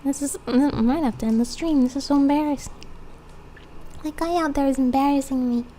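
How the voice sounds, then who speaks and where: Young female streamer, chatty and giggly, rambles while drawing; high, warm tone. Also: a little fast. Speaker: streamer and artist. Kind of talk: casual live-stream chat. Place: home, background noise heard. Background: faint lawnmower noise.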